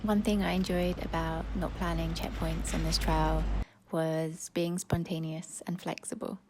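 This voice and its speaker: A woman calmly narrating her own hike in a reflective scripted voice-over. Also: low voice, measured pace, noisy background.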